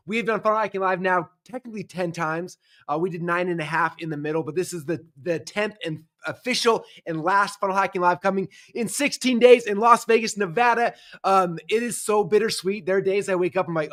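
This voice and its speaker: A male host in his forties talks up an event in quick, bubbly, casual bursts. His voice sits high for a man and he keeps dropping in fillers as he goes. The pace rarely lets up. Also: fairly even intonation, a bit bright. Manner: upbeat, fast, filler-heavy casual talk. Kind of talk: enthusiastic event promo chat.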